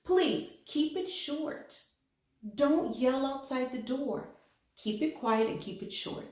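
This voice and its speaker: A woman voicing the letter T as a protective male character who urges a noisy vowel to keep quiet. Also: sits high, slow, echoey room, voice pushed up. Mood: urgent. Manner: urgent, pleading, hushing.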